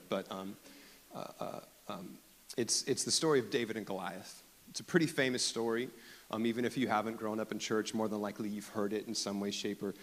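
A man pastor preaching a sermon in a casual, storytelling way with many restarts. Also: on the low side. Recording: long echo of a church hall.

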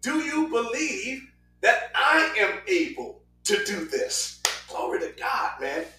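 A man preaching a sermon in an animated style, rushing through quick asides and breaking into sudden shouts. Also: extremely high pitch, echoey room, distant mic, soft background music, low-quality recording.

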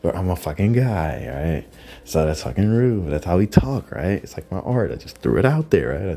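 A man delivering a profane, rambling monologue as a podcast host, often dropping into hushed, breathy asides. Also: deep voice, sing-song, normal speed, faint music behind.

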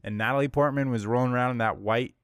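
A man's voice: medium pitch, fairly even intonation, fast, clear, resonant tone, no echo. A young man chats loosely with friends on a podcast, laughing often between rambling stories. His voice sits in an ordinary middle range. The sound is close and dry, with no room around it. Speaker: podcast co-host. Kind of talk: casual chat.

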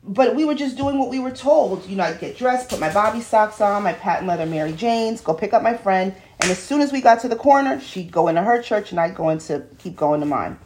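A woman from New York City hosts a podcast alone, chatting through personal stories. She digresses often and talks at an ordinary pitch, recorded in a home studio. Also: lively intonation, a little fast, hardly any pauses, a little mellow. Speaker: podcast host. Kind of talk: casual solo monologue.

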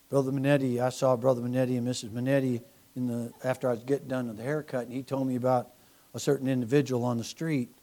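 A man preaching a sermon as pastor, animated and sarcastic, swinging from loud preaching to quiet asides. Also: mid-range voice, quick pace. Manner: mocking, sarcastic humor.

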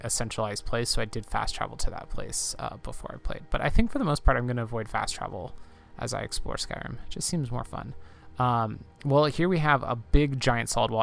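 A man hosting a relaxed gaming podcast, sleepy and rambling, with many fillers. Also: medium pitch, gravelly. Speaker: podcast host. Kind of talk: casual game playthrough chat.

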